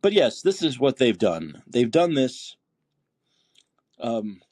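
Man, podcast host, indignant political rant, very animated pitch, dry close mic. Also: slow pace, breathy edge, dry recording. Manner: heated, indignant, swearing, rhetorical questions; reads listener posts aloud. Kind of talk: political commentary monologue.

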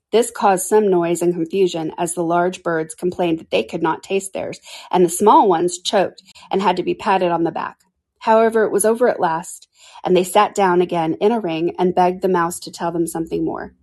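A woman reading a children's storybook aloud in a measured way, with small slips and restarts. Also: on the low side, fairly even intonation, warm tone, husky, low-quality recording. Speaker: podcast reader.

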